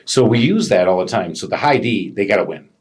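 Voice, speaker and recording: A man co-hosting a casual business podcast, an animated storyteller who acts out customers' voices. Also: fairly low pitch, brisk, husky. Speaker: podcast co-host, business owner.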